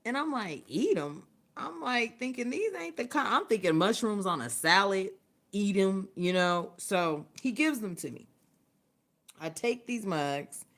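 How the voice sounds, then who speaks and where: A woman's voice: medium pitch, expressive, unhurried, fairly bright tone. A woman hosting a livestream, telling a story in casual, profane talk and laughing often. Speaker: livestream host. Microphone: phone or webcam, livestream.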